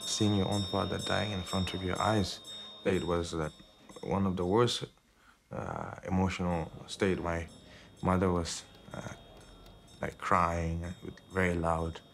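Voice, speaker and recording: A man in his thirties from India, speaking reflectively in a documentary interview, pausing often with fillers. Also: sits low, little pitch movement, vocal fry, a little hiss or hum. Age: 30s. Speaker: interviewee, Tibetan Buddhist teacher.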